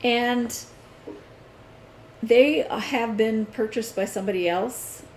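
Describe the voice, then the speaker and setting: Slow-talking woman in an echoey room. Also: on the high side, darkish tone. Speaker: podcast co-host. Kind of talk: casual chat. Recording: echoey room with faint noise.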